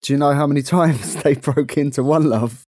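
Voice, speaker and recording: A young man with a London accent, co-hosting a casual podcast chat, chatty and quick to laugh. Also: a little high, darkish tone, no room sound, clean studio sound. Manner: chatty, laughs often, playful. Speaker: podcast co-host.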